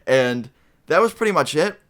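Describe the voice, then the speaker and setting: A man's voice: fairly high pitch, lively intonation, normal speed, fairly bright tone. A young man vlogging a casual storytime, rambling and swearing freely as he retells events to his viewers.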